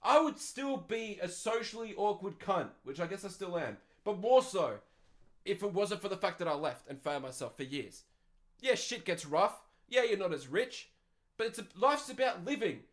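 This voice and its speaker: A man's voice: high voice, sing-song, moderate pace, fairly bright tone. A young Australian man hosting a podcast, answering listener questions in a blunt, profane rant. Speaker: podcast host. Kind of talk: ranting advice podcast.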